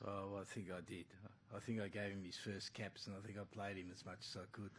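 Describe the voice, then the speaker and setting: A man's voice: fairly low pitch, flat delivery, fairly quick, a crowd in the background. A man, a rugby coach, answering questions bluntly at a press conference and calling the questioner mate.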